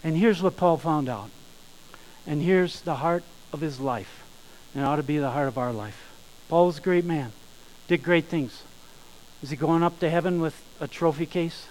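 A man preaching a sermon, emphatic, slowing down and rising in volume on key phrases. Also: on the high side, darkish tone, poor audio. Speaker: pastor.

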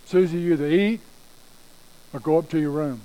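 A man's voice: fairly high pitch, normal speed, mellow, lightly acted, low-quality recording. A man voicing a patient but firm mother who scolds her daughter.

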